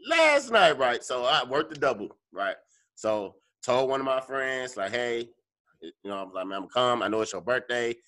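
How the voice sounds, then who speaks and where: A man co-hosting a podcast, telling a story in casual, profane chat and acting out his own reactions. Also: moderate pace. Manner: animated, profane, acts out his own lines in a higher voice. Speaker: podcast co-host.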